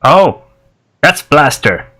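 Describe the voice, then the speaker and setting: A man voicing a fussy, sharp-voiced male gnome with a mustache, prim and proud. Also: fairly high pitch, sing-song, takes it slowly, full character voice. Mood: chipper.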